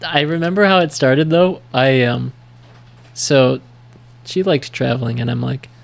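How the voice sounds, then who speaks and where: Gravelly American man telling rambling stories. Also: medium pitch, measured pace. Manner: rambling storyteller, many fillers. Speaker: podcast co-host. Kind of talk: casual chat.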